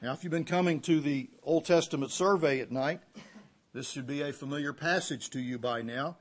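A man preaching an expository sermon, teaching verse by verse and moving between loud emphatic runs and hushed low phrases. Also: normal speed. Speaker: pastor.

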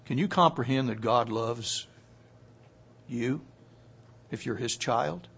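A man preaching a sermon, moving from quiet, hushed passages up to loud, emphatic peaks, and slowing down to stress key words. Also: mid-range voice, creaky, slightly rough.

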